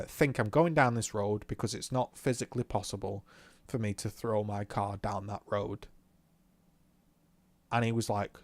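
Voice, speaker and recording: A young man telling a story in a swearing, animated rant about a driving lesson, talking from his car. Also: medium pitch, no room sound. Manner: swears often, animated retelling. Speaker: vlogger. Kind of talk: casual ranting recount while driving.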